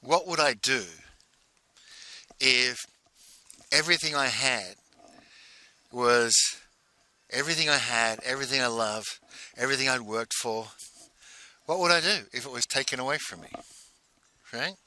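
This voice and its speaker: A man coaching in a monologue, telling a personal story in a halting way and repeating phrases for emphasis. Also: medium pitch, pushed and bright, no room sound. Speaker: business coach.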